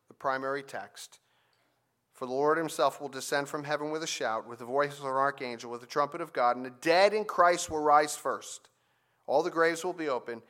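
A man preaching a sermon, telling a family story and then teaching from scripture, with animated emphasis on key points. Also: on the high side. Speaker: pastor.

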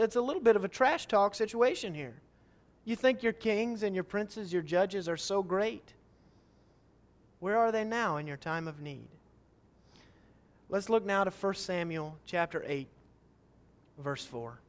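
A man's voice: sits high, measured pace, long pauses. A man preaching a sermon, reading Scripture and acting out the people's pleas with rising, emphatic questions.

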